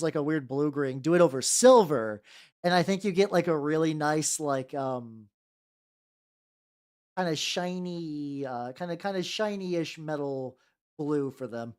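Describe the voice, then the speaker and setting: Streamer, casual livestream chatter, animated pitch, rambly and profane. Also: moderate pace. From United States. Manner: rambling, swears freely, talks to chat, trails off mid-thought. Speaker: streamer painting miniatures. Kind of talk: casual livestream chat while painting.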